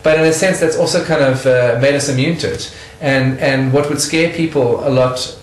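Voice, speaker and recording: A man's voice: medium pitch, normal speed, reverberant, slight background noise, poor audio. South African man telling stories animatedly. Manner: animated storyteller, laughing often. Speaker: interviewee. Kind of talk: casual interview chat.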